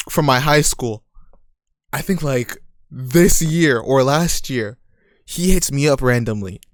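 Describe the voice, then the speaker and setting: A man's voice: medium pitch, no echo, clean studio sound. A young man in his twenties giving casual, profane, slang-heavy reaction commentary, often laughing. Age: 20s. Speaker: reaction video host.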